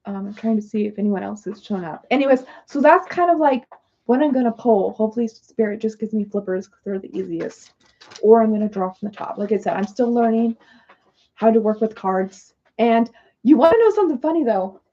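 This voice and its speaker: A woman hosting a livestream who chats on in a rambling, apologetic way. Her voice is mellow and dark with a gravelly fry, and it comes through a somewhat dull, lo-fi recording. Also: a little high, animated, fairly quick. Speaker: livestream host doing oracle card readings. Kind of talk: casual livestream chat.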